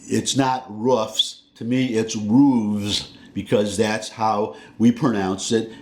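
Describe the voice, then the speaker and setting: A man's voice: lowish voice, steady tone, unhurried, darkish tone. A man from the American South with a Southern accent, vlogging in a rambling, folksy way and correcting himself as he goes. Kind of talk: casual talking-head monologue.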